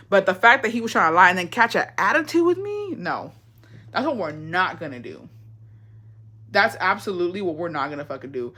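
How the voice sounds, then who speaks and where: A woman's voice: fairly low pitch, big pitch swings, brisk, pushed and bright. A young woman telling a personal story in a casual chat, blunt and profane, dropping Spanish phrases and acting out both sides of an argument.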